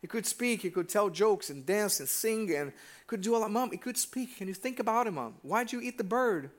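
A preacher puts on a grown son who is indignant and pleading with his mother. His voice rises well above his usual pitch and sounds strained and exasperated. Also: fast, fairly bright tone.

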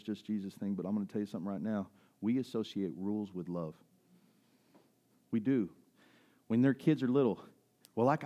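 Man, pastor, sermon, storytelling manner, excited highs and quiet asides. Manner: storytelling with quick rises in pitch and drops to soft emotional asides. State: near tears at times.

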